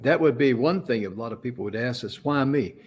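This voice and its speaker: A man's voice: medium pitch, animated, quick pace, darkish tone, slight background noise. A man co-hosting a talk show, telling an inspirational story in a folksy, conversational way. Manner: folksy, affirming with frequent mm-hmms. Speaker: co-host.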